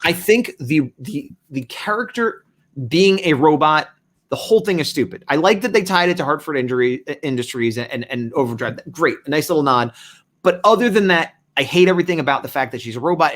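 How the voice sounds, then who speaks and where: A man's voice: a little high, lively intonation, a little fast, fairly bright tone. A man hosting a casual review discussion, rambling and reasoning aloud. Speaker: host.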